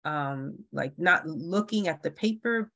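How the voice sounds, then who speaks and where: A woman's voice: deep voice, lively intonation, slow pace, gravelly, fairly bright tone, no echo. A woman leading an online parent workshop, talking with many fillers and restarts. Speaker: workshop facilitator.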